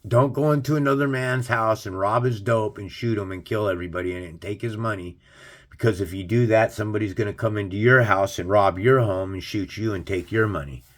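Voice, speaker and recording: A man with a low-pitched voice gives casual, preachy commentary on scripture. He talks bluntly and swears freely. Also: fairly quick. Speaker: host of a religious commentary channel.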